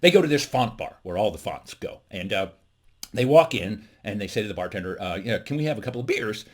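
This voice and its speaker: A man's voice: lowish voice, fast talker, breathy edge. A man hosting a comedy-from-home segment, telling nerdy jokes to camera and laughing at his own punchlines. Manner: animated, laughs at own jokes, many fillers. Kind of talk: casual joke telling to camera.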